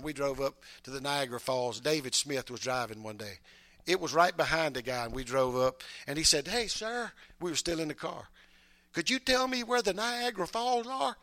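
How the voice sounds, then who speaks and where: A man preaching a sermon as bishop, folksy and repeating himself, dropping to quiet asides and rising to loud shouted praise with calls of amen. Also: fairly high pitch. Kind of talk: Pentecostal-style sermon.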